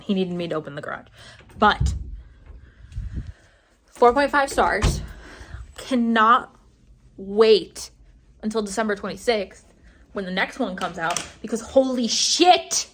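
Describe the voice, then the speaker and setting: This book vlogger, a young woman, has a mid-range, slightly bright voice. She's ranting casually and theatrically about what she's read, throwing in swear words with pretend indignation.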